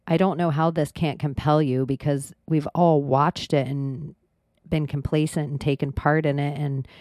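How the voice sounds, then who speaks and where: A woman hosting a podcast, rambling casually with frequent swearing and animated outbursts. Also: sits low, no echo, clean studio sound. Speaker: podcast host. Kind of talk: casual monologue.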